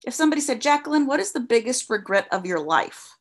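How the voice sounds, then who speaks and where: A woman's voice: high voice, big pitch swings, fast talker. A young adult woman co-hosting a podcast, chatting casually and candidly, swearing freely and getting emotional. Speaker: podcast co-host. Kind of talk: casual chat.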